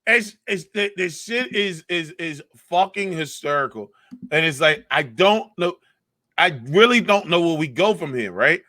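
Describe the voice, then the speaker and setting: A man co-hosting a casual comedy podcast, ranting with lots of swearing and animated emphasis. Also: on the high side, unhurried, no echo, studio quality. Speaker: podcast co-host.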